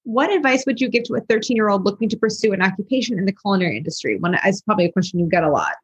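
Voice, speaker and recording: A woman moderating a live event, reading audience questions aloud in a brisk manner. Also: mid-range voice, animated, husky, highs cut off.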